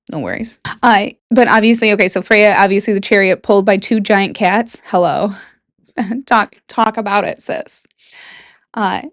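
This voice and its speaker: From her bedroom, a young Michigan woman with a Michigan accent hosts a laid-back solo podcast on folklore, chatting, cracking jokes and slipping in whispered asides. Her voice is mid-range, and the recording is dry and studio quality.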